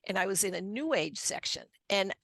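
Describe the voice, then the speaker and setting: An older woman with a Boston accent tells her personal story as an interview guest, earnest and unhurried, often restarting and repeating words. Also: medium pitch, lively intonation, creaky, a bit bright, dry recording.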